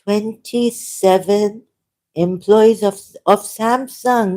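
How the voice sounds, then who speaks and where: Warm and animated at a medium pitch, she takes her time. An ex-Muslim vlogger speaking non-native English, she reads an article with rambling asides, hesitant self-corrections, and frequent small laughs, her throat sore from a recent cough.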